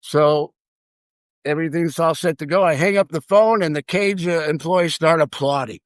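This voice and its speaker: A man's voice: a little high, normal speed, no room sound, studio quality. Older man spinning a yarn. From Chicago, United States. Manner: lively, acts out other people's lines. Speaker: guest. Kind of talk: anecdotal storytelling.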